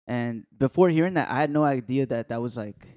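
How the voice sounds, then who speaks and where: A man's voice: mid-range voice, fairly quick, darkish tone, dry recording, clean studio sound. A man co-hosting a casual podcast, laid-back and slangy, often searching for words. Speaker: podcast co-host. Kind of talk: casual chat.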